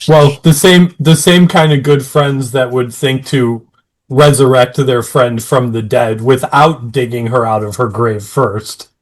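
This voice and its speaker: A man's voice: mid-range voice, fairly even intonation, unhurried, poor audio. A man co-hosting a podcast, casually recapping an episode and adding sarcastic remarks. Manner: wry, adds sarcastic asides. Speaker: podcast co-host.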